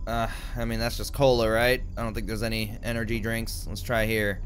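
A young man giving let's play commentary, excitable and easily startled, talking to himself as he plays. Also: fairly low pitch, fairly quick, slight background noise. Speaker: gamer.

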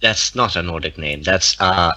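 Swedish-accented male player, low and bright, quick to laugh. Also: poor audio. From Sweden. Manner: joking and defensive, laughs often. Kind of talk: casual chat at a game table.

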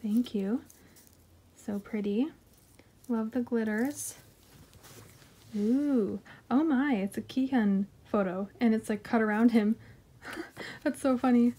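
Brief: gushing woman vlogger, mellow tone, giggly and chatty as she unboxes. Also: fairly high pitch, slow pace, long pauses, husky. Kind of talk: casual unboxing chat.

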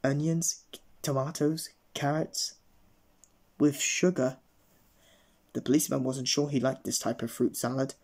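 Man reading a children's story, dark husky voice. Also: mid-range voice, steady tone, unhurried, pauses often. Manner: playful, storytelling. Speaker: storybook reader.

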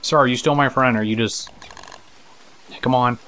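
Man, gameplay commentator, casual chatter, laughs and swears, sharp bright tone, mid pitch. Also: steady tone, moderate pace, faint music behind. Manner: chatty, talks to game characters, swears, laughs. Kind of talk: casual let's-play commentary.

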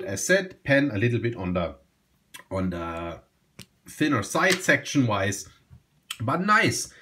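A man talking through a fountain pen review in a relaxed, enthusiastic way, often repeating himself and restarting phrases. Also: mid-range voice. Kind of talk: casual product review.

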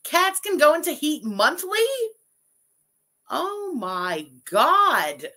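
A woman's voice: high voice, big pitch swings, extremely slow, pushed and bright. A woman hosting a live stream, reacting to a video with profane, mocking and heated commentary and reading out viewer messages. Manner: reads out super chats.

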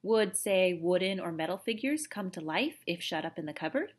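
A woman reading a children's novel aloud in an expressive, animated storytelling manner. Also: on the low side, moderate pace, husky. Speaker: audiobook reader.

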